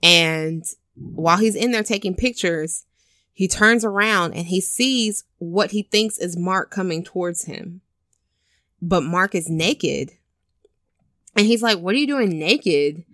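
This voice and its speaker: In a casual podcast chat, a woman co-host with a slightly low voice retells a film at a measured pace, playing out the characters' lines with swearing and laughter in an animated way. The recording is close and dry, with no room sound.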